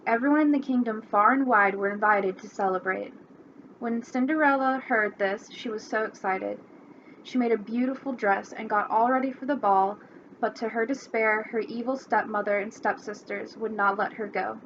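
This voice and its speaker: A young woman presenting a class assignment, reading a fairy tale in a friendly, unhurried way, in a slightly muffled recording with faint hiss. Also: fairly high pitch. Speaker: student presenter.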